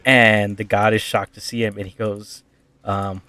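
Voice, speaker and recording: A man's voice: fairly low pitch, little pitch movement, measured pace, sharp tone. A man casually retelling a tabletop backstory as a streamer, rambling with lots of fillers.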